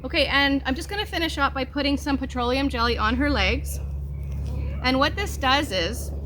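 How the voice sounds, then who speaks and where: A woman's voice: high voice, moderate pace, background noise. A woman vlogging from her farm, casually explaining animal care and coaxing her animals along. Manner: chatty, coaxing talk to animals. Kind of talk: casual instructional vlog.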